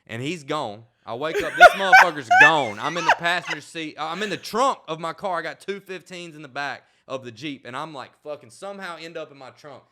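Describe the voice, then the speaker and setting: A young man telling a wild story in casual, profane, animated chat. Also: a little high, brisk, hardly any pauses, a little hiss or hum.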